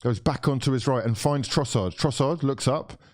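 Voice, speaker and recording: A man's voice: mid-range voice, normal speed. A man hosting a live football watchalong, reacting with sighs, swearing and mock despair while calling the play. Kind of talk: live match reaction and commentary.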